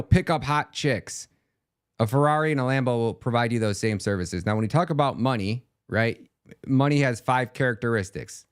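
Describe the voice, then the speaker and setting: A man talking through a podcast monologue in an easygoing, rambling way. He sits at a mid pitch and leans on fillers and asides, and he slips into quick quoted dialogue when he tells a story. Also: smooth. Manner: chatty, loose, acts out quoted dialogue, many fillers. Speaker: podcast host. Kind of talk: casual monologue.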